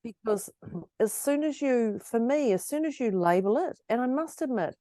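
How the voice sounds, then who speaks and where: Animated, giggly woman co-host. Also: a little high, moderate pace, no echo, clean studio sound. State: slightly husky, voice going. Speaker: podcast co-host. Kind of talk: casual motivational chat.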